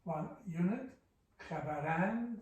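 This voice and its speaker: A man's voice: high-pitched, animated, a little mellow, dull audio. A man teaching classical Persian poetry, patiently explaining its meter and sounding out each syllable. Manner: slow, careful scansion, sounding out syllables. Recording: echoey room, voice from a distance.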